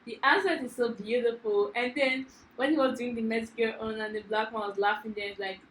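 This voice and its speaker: A woman's voice: on the high side, steady tone, fairly quick, a little hiss or hum. Female reaction-video co-host, enthusiastic and chatty, recorded in a roomy, echoey space. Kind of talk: casual reaction chat.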